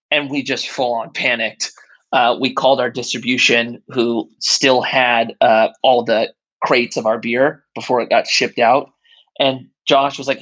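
A man, a brewery co-founder, telling stories in a relaxed interview and acting out the people he quotes. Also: medium pitch, moderate pace, rough recording. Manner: animated, acts out quoted voices while telling stories. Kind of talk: conversational interview storytelling.

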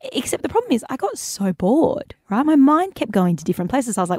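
A woman's voice: on the high side, very animated, fast, hardly any pauses, darkish tone, breathy edge, dry recording, clean studio sound. A young Australian woman co-hosting breakfast radio, telling stories in a bubbly, giggly way. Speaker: radio co-host.

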